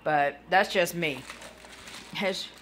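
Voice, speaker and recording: Casting note: tired woman, bright forceful voice, rambling live-stream chatter to viewers. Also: lowish voice, slow, slight background noise. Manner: rambling, talks to chat viewers by name. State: tired, yawning. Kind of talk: casual live-stream chat.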